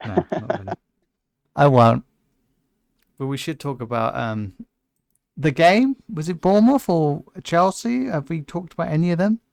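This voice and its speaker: A man co-hosting a casual football podcast, relaxed and chatty, laughing easily. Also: on the high side, normal speed, gravelly, pauses often, no echo, clean studio sound. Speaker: podcast co-host. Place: lives in Liverpool.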